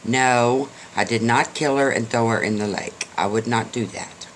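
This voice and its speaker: An older man spins a folksy story in a chatty, joking way. His voice sits at a middle pitch, with a faint hiss of noise under the recording. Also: moderate pace, fairly bright tone. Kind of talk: casual storytelling.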